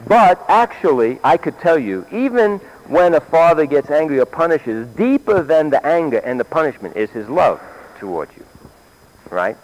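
A man's voice: a little high, big pitch swings, normal speed. An older man, a grandfather, preaching a sermon in a meeting hall, questioning his listeners and repeating key phrases.

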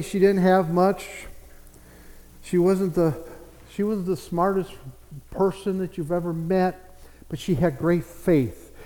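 Male pastor with a high voice, storytelling sermon, long echo from a church hall. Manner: storytelling, swings from quiet asides to loud.

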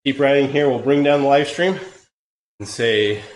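A man with a cold, hosting a live cycling-training Q&A in a relaxed, rambling way with many fillers. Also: medium pitch, moderate pace. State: hoarse from a cold. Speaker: podcast host. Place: home room, riding an indoor trainer. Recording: echoey room with faint ambient noise.

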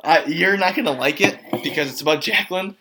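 A man's voice: on the high side, fairly quick. A man co-hosting a podcast in casual chat, laughing often as he talks. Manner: giggly, relaxed, trailing off into laughs. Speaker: podcast co-host.

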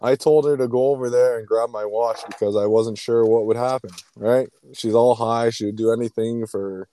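A man's voice: mid-range voice, fairly even intonation, normal speed, dark tone, a little hiss or hum. A young man in casual chat, telling about a past relationship in an earnest, profane way.

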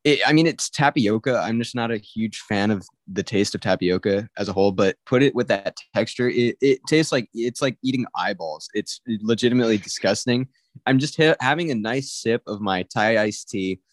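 A man's voice: lowish voice, normal speed, dry recording, clean studio sound. A young man from California, co-hosting a podcast and ranting bluntly and emphatically in casual chat. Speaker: podcast co-host.

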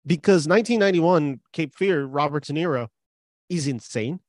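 A young man in casual film discussion, animated and rambling with many fillers. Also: a little high, normal speed, dry recording, studio quality. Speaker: film podcast co-host.

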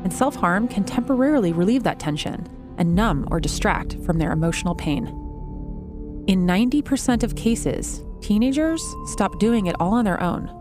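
A woman narrating a documentary in a measured, informative scripted style. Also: mid-range voice, animated. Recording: narration over clear music.

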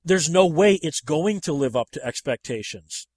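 A man with a somewhat high voice chats casually about movies, animated and emphatic. His pitch jumps up when he presses a point. The sound is close and dry, with no room around it. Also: moderate pace, no echo.

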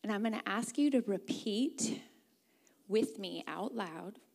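A woman's voice: medium pitch, expressive, unhurried, gravelly, a little mellow. A woman from the Pacific Northwest preaching a sermon, earnest and leading the congregation in reading along. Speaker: guest preacher.

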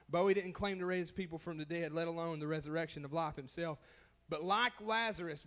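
A man's voice: high-pitched, fairly bright tone. A man preaching a sermon as pastor, impassioned, calling out to the congregation and repeating phrases for emphasis.

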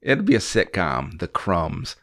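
Man, very low voice, lively pitch, asks questions, dry jokes. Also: a little slow, gravelly. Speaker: podcast co-host. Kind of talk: casual fan chat.

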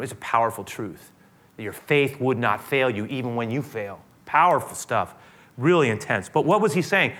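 A man preaching a sermon and then leading a prayer, earnest and emphatic, moving from loud, stressed preaching to a hushed, gentle prayer voice. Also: mid-range voice, lively intonation, normal speed. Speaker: pastor.

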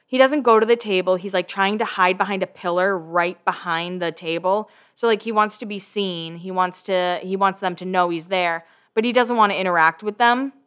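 A woman's voice: on the low side, clean tone. A young woman casually recapping a reality show episode, acting out the cast's lines and swearing freely. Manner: animated, acts out quotes from the show, swears casually. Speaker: recap podcast host.

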